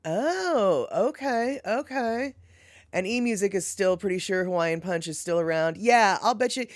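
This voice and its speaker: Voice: mid-range voice, very animated, unhurried, no echo, studio quality. A live streamer in casual chat, rambling with many fillers and self-corrections while answering viewers by name.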